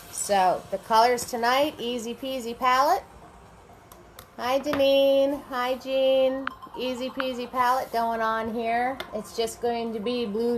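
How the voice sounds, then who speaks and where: This instructor, whose voice sits on the high side, runs a live painting class and chats with viewers, calling them by name as she works. The recording is rough, with slight background noise and faint music.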